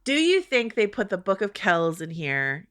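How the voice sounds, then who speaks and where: A woman in casual podcast talk, telling stories at her own expense. Her voice is bright and ringing, and her pitch leaps up and down. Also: normal speed, smooth. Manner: self-mocking, animated storytelling. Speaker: guest co-host.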